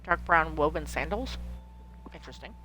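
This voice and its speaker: A woman's voice: low-pitched, animated, normal speed, sharp tone, faint music behind. A woman streaming a video game at home, chatting casually, swearing when annoyed and talking to her pet. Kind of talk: casual gameplay chat.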